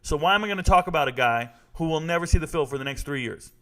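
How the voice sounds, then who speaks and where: A man's voice: a little high, fast talker, fairly bright tone. A man in his forties hosting a casual live sports talk show, reading viewer comments and telling stories in a blunt, joking, slangy manner.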